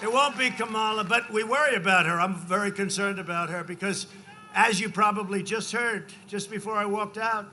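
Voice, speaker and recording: Man speaking at a large outdoor rally, high voice, very bright and forceful, repeats himself, bursts into shouts. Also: fairly even intonation, normal speed, a little hiss or hum. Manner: rambling and repetitive, often rising to shouts. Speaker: politician at a campaign rally. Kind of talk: campaign rally speech.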